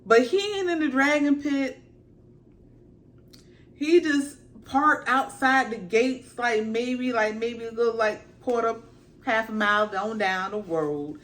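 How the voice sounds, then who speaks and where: Speaking slowly in a voice on the high side, a woman reviews a TV show with a slangy, casual recap of the episode. She brings it to life with animated storytelling, voicing the characters in acted-out asides.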